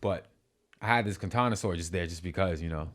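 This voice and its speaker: A young man with a fairly low voice tells a story in a loose, animated way. He swears constantly and restarts his sentences, with the easy flow of a podcast guest. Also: a little fast. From New York City. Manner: animated, profane, restarts often.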